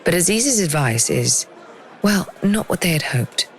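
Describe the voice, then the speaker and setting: A woman giving scripted documentary narration in a measured, dramatic storytelling manner. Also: lowish voice, very animated, some chatter behind.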